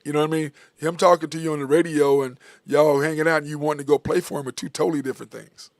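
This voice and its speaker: Animated man hosting sports chat. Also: a little high, fast talker, dry recording, studio quality. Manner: animated, laughing, rambling with fillers. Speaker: sports talk show host.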